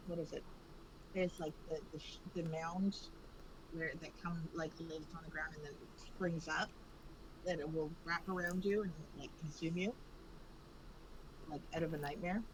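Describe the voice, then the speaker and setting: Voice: mid-range voice, background noise. A player in a tabletop game, rambling and searching for words while describing a character. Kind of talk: casual tabletop game play.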